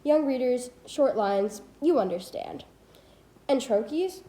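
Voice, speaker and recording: A woman's voice: high-pitched, expressive, slow pace, warm tone, echoey room, poor audio. A teenage girl reading a poetry textbook aloud, stopping to correct her slips and adding asides. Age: teens. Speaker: student reading a book aloud. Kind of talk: casual read-aloud of a textbook.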